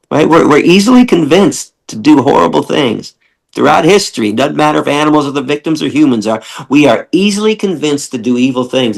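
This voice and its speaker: A middle-aged man talking as a podcast guest, blunt and passionate, cursing freely and acting out the people he quotes with big jumps in pitch. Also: creaky. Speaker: podcast guest, animal rights activist. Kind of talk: casual interview talk.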